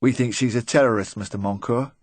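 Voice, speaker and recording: A man voicing a brisk police interrogator who fires short, pointed questions. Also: mid-range voice, fairly even intonation, no echo, close to an everyday voice. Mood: probing. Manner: crisp, pressing questions.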